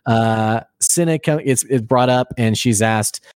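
A man in a casual recap chat, telling the story in an animated way with many fillers and quick laughs. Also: medium pitch, clean tone, dry recording, clean studio sound. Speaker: podcast co-host.

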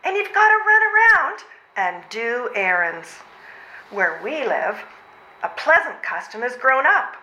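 A woman's voice: a little high, sing-song, a little slow, pushed and bright, exaggerated voice. A woman playing a frazzled, breathless civil servant mother. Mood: aggrieved complaining. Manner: overwrought, exclaiming, sighing. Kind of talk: readers' theatre stage comedy. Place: old train station before a live audience. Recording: roomy hall sound.

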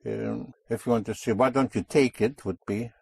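A man's voice: medium pitch, steady tone, moderate pace, darkish tone, husky, dry recording. A man teaching a Spanish lesson, patiently explaining grammar and repeating his students' answers back to them. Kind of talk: language lesson.

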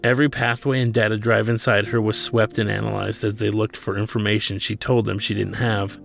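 A man, the author, reading his own novel aloud in a steady, measured way. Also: lowish voice, creaky, soft background music.

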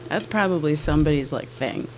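Quiet woman on a chill podcast, giggles a lot, kinda self-deprecating, recorded outside by the house. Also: deep voice, brisk, slight background noise. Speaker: podcast co-host. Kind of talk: casual chat.

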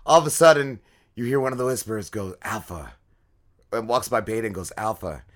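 A man's voice: medium pitch, expressive, fast talker. A man co-hosting a podcast, casually recapping an episode with lots of swearing and fillers. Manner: rambling, profanity-heavy episode recap full of fillers. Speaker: podcast co-host. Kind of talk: casual chat.

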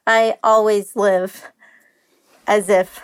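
A woman's voice: medium pitch, little pitch movement, very slow, smooth. A woman talking candidly as a podcast guest, open and emotional, rambling with restarts and the odd curse. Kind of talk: candid casual chat.

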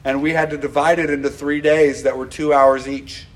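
A man preaching a conversational, animated sermon as a pastor. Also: fairly high pitch, moderate pace. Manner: animated, conversational, acts out quoted dialogue.

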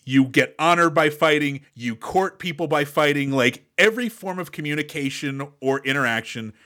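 A man's voice: on the high side, moderate pace, pushed and bright. A man co-hosting a casual movie podcast who laughs often and riffs on jokey ideas. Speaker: podcast co-host.

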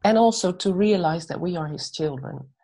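A woman giving gentle, measured answers in a faith-based conversation and telling a short story. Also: on the low side, lively intonation, gravelly. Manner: gentle, measured, tells stories. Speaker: guest speaker on faith and anxiety.

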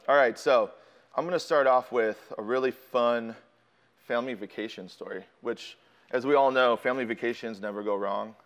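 Smooth-voiced man telling a sermon story. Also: medium pitch, fairly bright tone. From Chicago. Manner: casual, self-deprecating, frequent ums. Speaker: student pastor.

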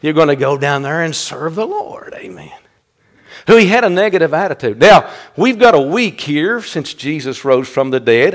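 Fervent preacher man. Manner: fervent preaching with sudden loud, high bursts. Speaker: pastor. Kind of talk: sermon.

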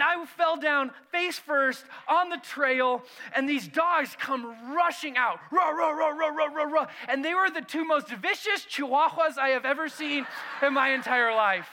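Bright, high-voiced man preaching a lively sermon. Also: measured pace. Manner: animated storyteller, self-mocking, shifts between loud and hushed. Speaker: pastor. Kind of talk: sermon with a personal story.

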